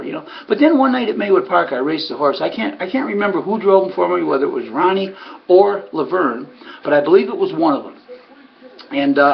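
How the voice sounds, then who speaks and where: A man's voice: on the high side, vocal fry, dull audio. A man who trains harness racehorses tells a story in a rambling way, full of "you know" and restarts. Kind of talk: casual spoken storytelling.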